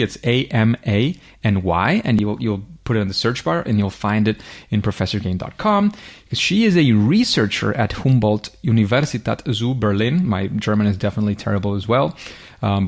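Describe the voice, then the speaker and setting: A man hosting an interview podcast, chatty and self-deprecating, stumbling through names with good humor. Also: lowish voice. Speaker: podcast host.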